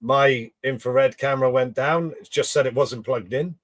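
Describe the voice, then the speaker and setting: A man as a podcast guest, recounting a field story in a relaxed way and acting out what others said. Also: medium pitch, normal speed, no echo. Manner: relaxed anecdote telling, acts out quotes. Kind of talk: casual storytelling chat.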